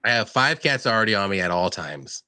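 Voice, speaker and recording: A man with a bright, crisp tone and a lively, swooping pitch hosts a casual live stream. He reads viewer comments aloud and banters in a playful, giggly way. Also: fairly quick. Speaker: stream host.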